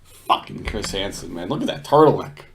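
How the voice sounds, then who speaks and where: A man's voice: lowish voice, lively intonation, normal speed, gravelly, a bit bright, a little hiss or hum. A man giving casual reaction commentary on a video, swearing freely, laughing often and restarting his sentences.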